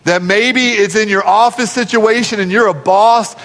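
High-voiced pastor in a reverberant church. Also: male voice, fairly even intonation, normal speed, a bit bright. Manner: storytelling, acting out quoted voices, rising to emphatic peaks. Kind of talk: sermon.

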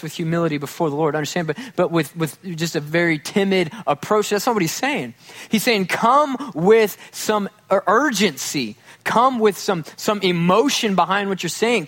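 A man's voice: sits high, fairly bright tone. A male pastor preaching a conversational sermon, with self-deprecating humor, who often acts out quoted voices.

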